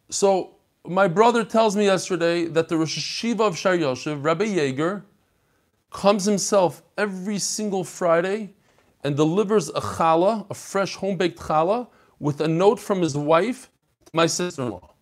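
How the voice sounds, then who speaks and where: A man with a slightly higher voice, hosting a Torah class. He tells stories in an animated, chatty way and mixes Hebrew and Yiddish terms into his speech. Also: moderate pace. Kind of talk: casual daf yomi class talk.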